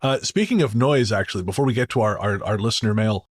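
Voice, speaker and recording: A man's voice: on the low side, fast talker. A man hosting a podcast in a casual, joking, storytelling way. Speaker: podcast host.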